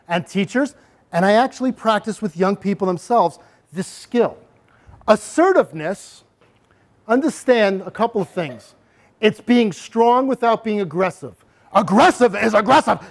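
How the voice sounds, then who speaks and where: A middle-aged man with a high voice leads an anti-bullying workshop for a room of parents. He models calm, assertive ways of speaking and walks the audience through each one step by step.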